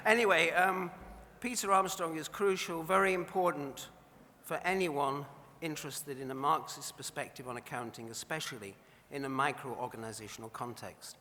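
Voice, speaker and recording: A man's voice: a little high, normal speed, few pauses, pushed and bright. Man giving a wry speech in a reverberant hall. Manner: wry, anecdotal storytelling. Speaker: award presenter. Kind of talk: after-dinner award speech. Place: large banquet hall.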